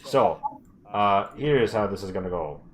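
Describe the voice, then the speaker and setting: A man voicing a gruff, boastful male dwarf chieftain who drags out his words and growls in a pirate-like way, as a game master at a tabletop game. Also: fairly low pitch, expressive, slight background noise. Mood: proclaiming. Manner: bragging, slow and loud.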